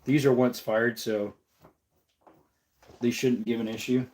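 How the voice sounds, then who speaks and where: A man's voice: mid-range voice, little pitch movement, slow, a little mellow. Stuffed-up man chatting on a stream. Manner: easygoing, reads chat aloud and answers. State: stuffed-up nose, sniffling. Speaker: livestream host. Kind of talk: casual livestream chat while working.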